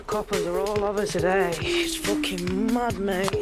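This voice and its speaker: A woman's voice: medium pitch, animated, measured pace, hardly any pauses, over loud music. A young woman filming her own video diary, blunt, sweary and agitated, talking into a handheld camera she holds herself. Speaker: documentary subject. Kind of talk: self-filmed video diary. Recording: echoey handheld camera sound.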